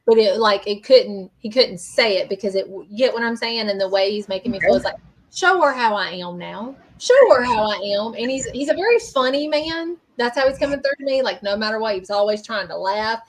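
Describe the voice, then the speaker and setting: A woman's voice: a little high, fairly quick, hardly any pauses, poor audio. Chatty woman medium. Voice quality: chatty, rambling, hesitant with fillers. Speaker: psychic medium host. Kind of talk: live-stream reading, casual chat. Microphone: streaming mic.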